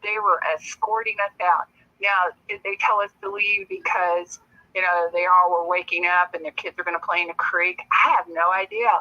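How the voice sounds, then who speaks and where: A woman's voice: fairly low pitch, moderate pace. Woman telling a story over dull call audio. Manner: lively, laughs often while telling a story. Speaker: guest. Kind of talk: casual storytelling.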